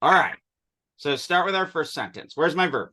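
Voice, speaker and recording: A male teacher leading an online class, patiently correcting pronunciation and explaining with quick asides. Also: fairly high pitch, expressive, pushed and bright. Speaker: Sanskrit teacher.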